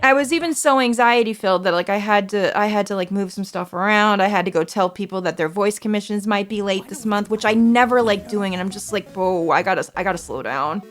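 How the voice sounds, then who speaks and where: A woman's voice: mid-range voice, a little fast, few pauses. A woman livestreamer in casual stream chat, rambling and anxious, poking fun at herself. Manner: rambling, anxious, self-deprecating. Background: faint background music.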